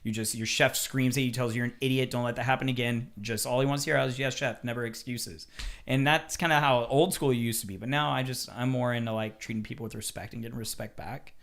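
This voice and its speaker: A man who works as a chef, talking casually on a podcast, telling animated stories with swearing and acted-out quotes. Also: medium pitch, quick pace, gravelly.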